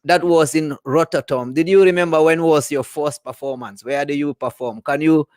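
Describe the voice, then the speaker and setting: A man hosting a casual interview, giving hype shout-outs and asking eager questions. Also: fairly high pitch, normal speed, no echo, clean studio sound. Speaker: interview host and DJ. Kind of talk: casual radio-style interview.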